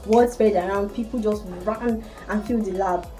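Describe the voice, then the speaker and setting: A woman's voice: medium pitch, normal speed, soft background music, rough recording. A young woman telling a personal story casually to her viewers. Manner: animated storytelling. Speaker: vlogger.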